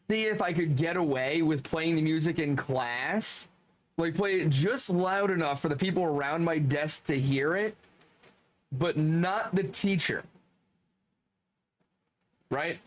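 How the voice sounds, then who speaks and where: High-voiced man telling a funny story. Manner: animated, laughs often, swears casually. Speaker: streamer reading chat. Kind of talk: casual anecdote storytelling.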